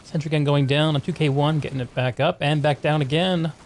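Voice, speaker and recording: A man's voice: a little high, fairly even intonation, brisk, darkish tone, a little hiss or hum. A man hosting a live stream and commentating a competitive video game match, chatty and upbeat, calling the viewers "y'all".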